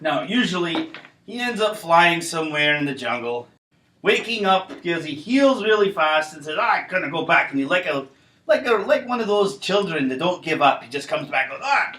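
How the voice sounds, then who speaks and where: A man's voice: a little high, animated, normal speed, fairly bright tone. A man doing a comedic monologue as a vlogger, rambling and playfully mocking. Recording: roomy echo.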